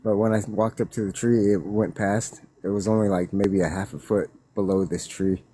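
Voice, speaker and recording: A man telling a witness story in a loose, rambling way, laughing and growing excited as he recounts it. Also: on the low side, moderate pace, husky, dry recording. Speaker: witness guest. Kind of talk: casual storytelling.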